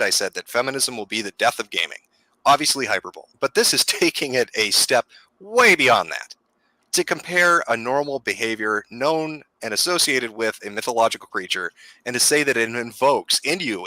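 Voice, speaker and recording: A man's voice: medium pitch, sharp tone, dry recording, low-quality recording. A man giving a sardonic, mocking video commentary in a scripted monologue.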